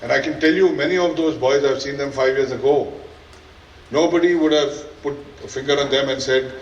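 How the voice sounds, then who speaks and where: A man's voice: medium pitch, fairly quick, highs cut off, a little hiss or hum. A man with an Indian English accent, head of a school, giving an earnest valedictory speech to students with dry humour. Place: large school event hall. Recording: echoey hall, voice from a distance.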